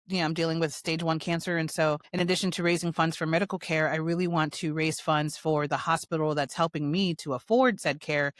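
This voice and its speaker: A woman hosting her own show, telling a personal story in a fast, animated, blunt way. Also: low voice, no echo. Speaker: show host.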